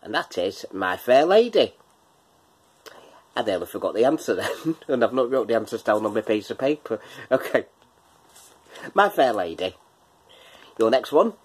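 A man's voice: on the low side, big pitch swings, moderate pace, pauses often, slightly rough. A man hosting a casual quiz from his kitchen, chatty, laughing often and breaking into bits of song. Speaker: quiz host. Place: home kitchen.

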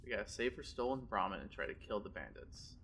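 A man's voice: lowish voice, sing-song, quick pace, gravelly, a bit bright, slight background noise. A man hosting a video game playthrough with casual commentary, direct and teasing. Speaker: host.

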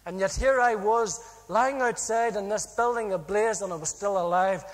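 A Northern Irish man shares his testimony in a strikingly high voice, animated and funny, playing out every exchange as he goes. His words ring out with a long reverb, like a big hall. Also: moderate pace. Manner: animated, humorous storytelling with acted-out dialogue. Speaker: speaker giving a personal testimony. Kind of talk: storytelling testimony.

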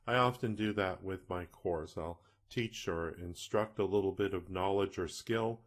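Deep-voiced canadian guy doing a chill software walkthrough, talks it out and fixes his own slips. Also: unhurried. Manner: casual, self-correcting, explanatory. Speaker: e-learning tutorial instructor. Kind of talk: screen-recorded software tutorial.

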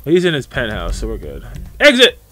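A chatty male streamer talking through live gameplay, his fairly high voice bouncing around with lively swings. Faint music plays under his talk. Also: moderate pace. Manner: chatty, greets viewers by name. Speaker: gaming streamer.

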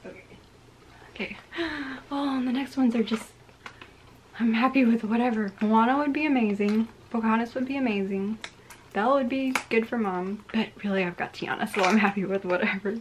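Excitable woman with a higher voice. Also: normal speed, slight background noise. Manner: gushing, excitable. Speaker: collector vlogger. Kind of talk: casual unboxing vlog.

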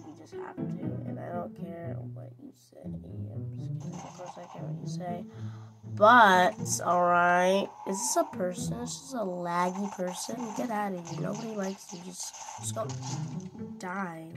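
Slow, giggly woman doing game commentary. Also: lowish voice, vocal fry. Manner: playful, rambling, giggly. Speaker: gaming video creator. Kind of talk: casual gameplay commentary.

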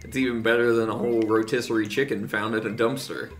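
A man's voice: mid-range voice, fairly even intonation, fast talker. A man casually co-hosting a video game let's play, joking and laughing often and putting on silly voices for the characters. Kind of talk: casual gaming commentary.

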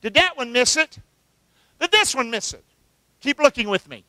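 High-voiced, bright preacher man. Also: expressive, moderate pace, dry recording. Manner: call-and-response preaching, asks the congregation to answer. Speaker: pastor. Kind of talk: sermon.

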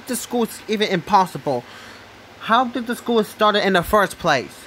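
A man vlogging an angry, repetitive rant, with bursts of yelling. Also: high-pitched, expressive, moderate pace, slight background noise.

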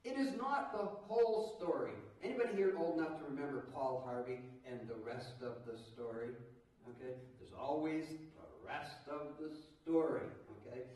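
High-voiced preacher in an echoey church. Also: male voice. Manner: animated preaching with asides to the congregation. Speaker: pastor. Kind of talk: Easter sermon. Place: church sanctuary. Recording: echoey church hall, mic at a distance.

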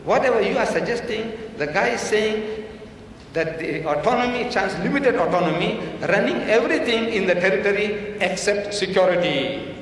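A man's voice: high voice, expressive, moderate pace, a bit bright, far from the mic, a little hiss or hum. An older man giving an emphatic public debate speech, quoting and mocking his opponent. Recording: echoey hall recorded from afar.

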